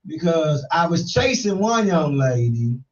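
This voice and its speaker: A man's voice: big pitch swings, unhurried. A middle-aged man hosting a casual talk show, telling loose, rambling stories with playful jabs. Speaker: host. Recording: distant mic, dull low-fidelity sound.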